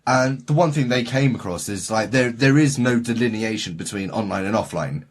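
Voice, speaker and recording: A man's voice: fairly low pitch, fairly quick, slightly rough. A man co-hosting a podcast, telling a story in loose, rambling casual chat, swearing often and restarting his sentences. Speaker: podcast co-host.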